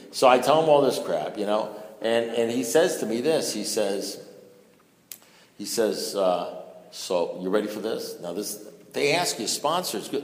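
An older man speaking at a recovery meeting, telling a profane, joking story and acting out both sides of the conversation. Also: mid-range voice. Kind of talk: storytelling talk to an audience. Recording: roomy hall with long echo.

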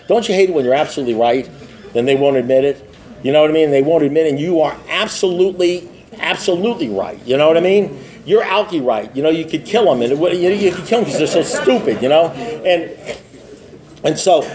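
A man's voice: on the high side, darkish tone. Rambling man telling a funny recovery story. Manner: rambling, repetitive, keeps asking "you know what I mean". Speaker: recovery meeting speaker. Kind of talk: humorous recovery talk to a live audience.

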